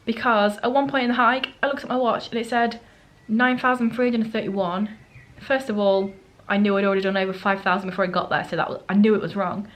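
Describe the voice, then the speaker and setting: In a rough recording made in a holiday rental flat, a female travel vlogger chats casually about her solo trip and acts out people's remarks. Her medium-pitched voice stays steady, moving a little fast with hardly any pauses.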